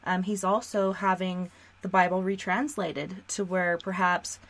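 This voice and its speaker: A woman's voice: lowish voice, fairly even intonation, a little slow, a bit bright. A woman hosting a radio talk show, sharing her beliefs earnestly in casual conversation. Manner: earnest, talks through beliefs. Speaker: radio host.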